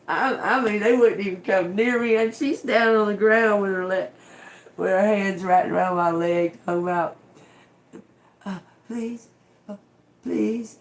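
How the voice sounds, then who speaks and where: A woman's voice: mid-range voice, steady tone, normal speed. A middle-aged woman telling a story in casual chat, swearing freely and breaking into laughter. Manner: profane, laughs often while telling. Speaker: tarot reader and channel host.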